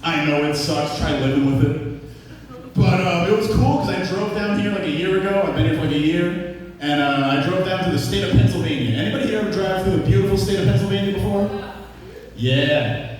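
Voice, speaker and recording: A Massachusetts stand-up comedian with the local accent performs a crude set at a comedy club, teasing the crowd in a high, slightly fast voice. The mic is far off and the club sounds echoey.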